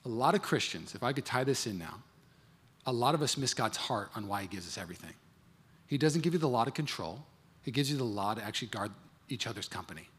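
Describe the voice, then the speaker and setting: A man's voice: medium pitch, very animated, fast talker, fairly bright tone, slightly rough. A man in his thirties preaching a sermon, telling a marriage story and acting out both sides of it. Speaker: pastor. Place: large church hall. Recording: long hall reverb.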